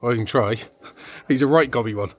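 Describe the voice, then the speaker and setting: A man's voice: medium pitch, a little fast. A young man chatting on in a rambling, cheerfully oblivious way as a street entertainer in a comedy sketch.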